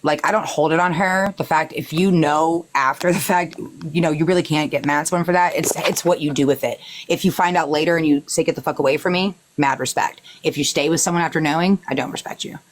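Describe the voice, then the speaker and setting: A woman's voice: low-pitched, steady tone, brisk, slight background noise, rough recording. A woman hosting a live stream, talking in an emphatic, opinionated way. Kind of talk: casual chat.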